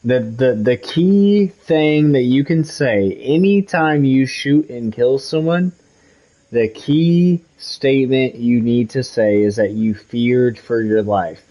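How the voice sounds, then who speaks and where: A man's voice: medium pitch, slow, mellow. A man from Missouri, a game streamer, telling a story at home in a heated, profane casual chat. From Missouri, USA. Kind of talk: casual chat while gaming.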